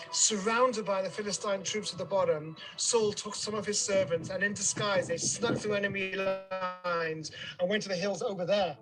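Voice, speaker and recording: A man's voice: high-pitched, rough recording. A man telling a vivid, dramatic story as a tour guide, recorded outdoors on a hillside. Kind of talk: on-location storytelling narration. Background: background music.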